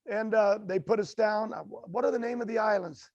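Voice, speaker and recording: An older American man, a racing guest, telling stories in a halting, rambling way with many fillers and restarts. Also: high-pitched, darkish tone, no room sound, highs cut off. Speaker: guest, drag racer. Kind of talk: storytelling interview.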